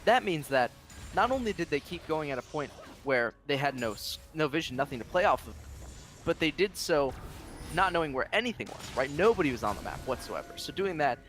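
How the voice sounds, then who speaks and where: A man's voice: on the high side, sing-song, a little fast, a bit bright, soft background music. A man giving color commentary on an esports match, explaining the play and tagging points with "right?". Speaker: esports analyst.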